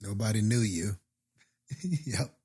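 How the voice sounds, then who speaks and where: A man co-hosting a film podcast, rambling excitedly in casual chat. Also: lowish voice, takes it slowly, breathy edge. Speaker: podcast co-host.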